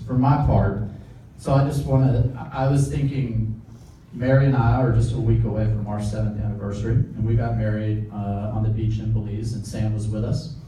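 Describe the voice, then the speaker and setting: A man's voice: fairly low pitch, warm tone. A man in his thirties giving a jokey wedding toast as best man and reading a letter aloud from his notes. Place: wedding reception room. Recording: echoey room from far off, noisy.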